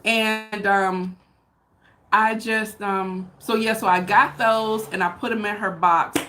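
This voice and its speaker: A woman's voice: medium pitch, steady tone, slow pace, bright, forceful tone. Chatty American woman vlogging live. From United States. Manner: chatty, addresses viewers as y'all. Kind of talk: casual livestream chat. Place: home room with open window.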